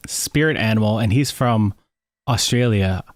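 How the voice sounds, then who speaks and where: A man's voice: on the low side, moderate pace, no echo, studio quality. A man co-hosting a podcast who chats in a teasing, joking way. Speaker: podcast co-host. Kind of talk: casual podcast chat.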